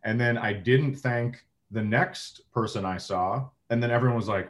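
A man's voice: mid-range voice, moderate pace, hardly any pauses. A man co-hosting a podcast in casual chat, trading wry jokes. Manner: wry, joking banter. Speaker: podcast co-host.

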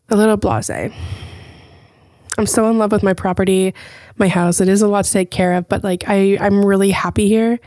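Woman host just chatting away, swears a lot, tells stories all animated, super dry close sound. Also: medium pitch, no room sound. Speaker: podcast host. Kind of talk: casual chat.

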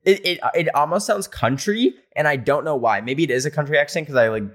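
A man hosting a podcast, reading listener stories aloud and reacting playfully with animated asides. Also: fairly high pitch, brisk. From rural area. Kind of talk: casual podcast chat.

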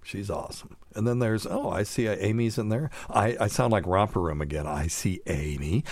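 A man's voice: on the low side, a little fast, dry recording. A man hosting a casual live-stream podcast, chatting loosely and joking with chuckles. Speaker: podcast host.

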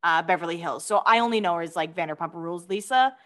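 A woman's voice: lowish voice, fast talker, fairly bright tone. A woman co-hosting a podcast, reading gossip items aloud and chatting with giggly asides. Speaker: podcast co-host.

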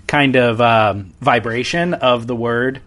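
A man's voice: mid-range voice, slow pace, a bit bright. A man co-hosting a casual podcast chat, answering in a dry, matter-of-fact way. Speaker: podcast co-host.

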